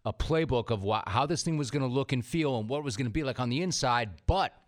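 A man's voice: mid-range voice, animated, fast. A man hosting a podcast interview, reacting to his guest and leading into the next question. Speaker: podcast host.

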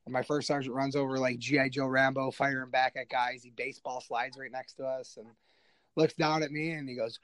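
A man's voice: mid-range voice, little pitch movement, a little fast, fairly bright tone, dry recording. A man, a military veteran, tells his story in a casual, self-deprecating way with lots of fillers. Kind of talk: conversational storytelling.

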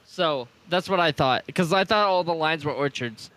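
A man's voice: on the high side, moderate pace, fairly bright tone. A man playing a tabletop role-playing game, talking in a hesitant, stumbling, apologetic way. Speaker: player. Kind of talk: casual tabletop play.

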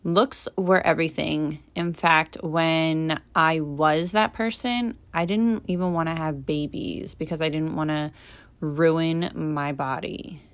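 Slow-talking chatty podcast host woman. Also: low-pitched, steady tone. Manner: chatty, opinionated, laughs often. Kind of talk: casual podcast monologue.

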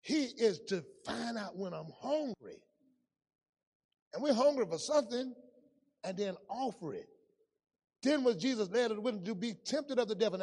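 A male pastor preaching a sermon in a church, telling stories and swinging from loud calls to hushed asides. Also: sits high, long reverb tail. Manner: storytelling preacher, swings from loud to hushed, folksy Southern-style grammar.

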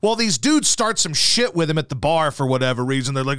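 A talk show host with a slightly high, bright, clean voice talks fast and animatedly, spinning rambling, profane stories in casual chat full of fillers. The recording is dry and studio quality.

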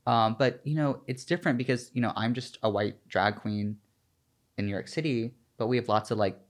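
Man, from the American South, drag performer, interview guest, chatty, animated, lots of fillers. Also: mid-range voice, fairly quick. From Southern United States. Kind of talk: casual interview chat.

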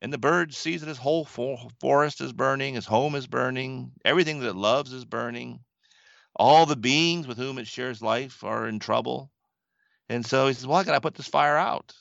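A man's voice: medium pitch, moderate pace, vocal fry, no echo, muffled recording. A man from the western United States, a Buddhist teacher, earnestly telling a story in reflective conversation. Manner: storytelling, earnest, laughs softly.

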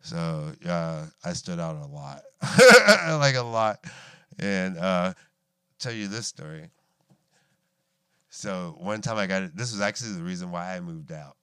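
A man's voice: sits low, big pitch swings, a little slow, bright, forceful tone, clean tone, dry recording. A man in his thirties, a guest casually telling stories from his life, swearing freely and laughing as he talks. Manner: laid-back, swears often, laughs through stories. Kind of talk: casual storytelling chat.

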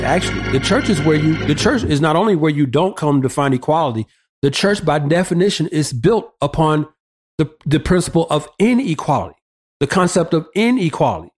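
A man's voice: fairly high pitch, lively intonation, a little fast, over music. A man delivers an emphatic, preacher-style argument in a somewhat raised voice. He cites verse after verse in a driving, repetitive cadence and punctuates it with rhetorical questions. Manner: emphatic, quoting scripture references. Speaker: pastor guest. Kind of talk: preaching on a radio show.

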